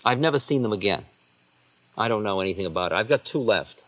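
A man giving a storytelling talk as a spiritual teacher, relaxed and conversational, often dropping into quiet asides. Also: on the low side, fast talker.

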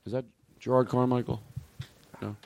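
A man's voice: medium pitch, moderate pace, gravelly, dry recording. A middle-aged man hosting a comedy podcast, chatting loosely and rambling, often stopping himself mid-thought. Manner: rambling, excitable, stops to comment. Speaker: podcast host. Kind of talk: casual comedy chat.

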